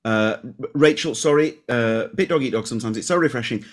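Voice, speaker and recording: Chatty podcast co-host. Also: male voice, medium pitch, brisk. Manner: chatty, self-deprecating, reads listener emails aloud. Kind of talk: casual podcast chat.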